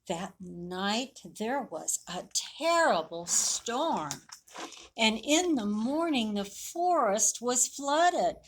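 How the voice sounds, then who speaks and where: A woman reading a picture book aloud to children at a library storytime, slow and expressive. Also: a little high, breathy edge.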